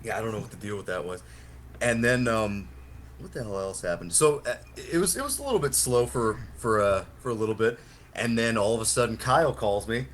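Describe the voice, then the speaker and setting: A man's voice: fairly low pitch, expressive, fairly quick, a little hiss or hum. A young man on a podcast telling a long, rambling anecdote with plenty of swearing and laughter. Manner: rambling, profane, laughs often. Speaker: podcast co-host. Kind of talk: casual storytelling chat.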